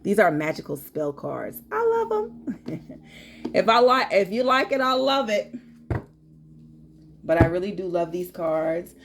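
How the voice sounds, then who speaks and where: A woman's voice: on the low side, expressive, unhurried, slight background noise. A woman giving a casual tarot reading to her viewers, chatty and emphatic, laughing often. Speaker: tarot reader.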